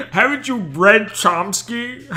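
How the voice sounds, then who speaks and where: A man putting on a whiny, sneering parody of a male leftist streamer, his voice pushed high and strained. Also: bright, forceful tone, exaggerated voice.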